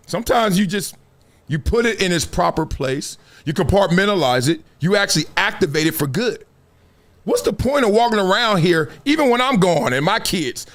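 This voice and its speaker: A man's voice: high-pitched, very animated, moderate pace, a bit bright. A middle-aged man hosting a show, giving an emphatic, preachy commentary monologue with rising exhortations. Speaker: show host.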